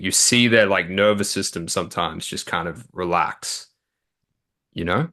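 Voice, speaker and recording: A young man speaks in a low register with a bright, forceful edge. He explains dating advice casually, full of "like" and "you know.". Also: normal speed. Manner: relaxed, filler-heavy explaining. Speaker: dating coach. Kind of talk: casual interview talk.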